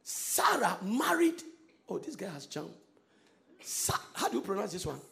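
A man preaching a sermon, swinging between quiet asides and loud, sung-out lines. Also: sits high, big pitch swings, measured pace, vocal fry. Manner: emphatic preaching with sudden shouted, sung-out phrases and laughter. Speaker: pastor.

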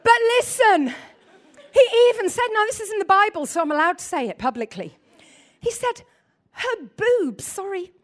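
A woman preaching a lively sermon, joking with her audience and acting out scenes. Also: very high voice, normal speed. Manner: animated, laughing, acts out voices.

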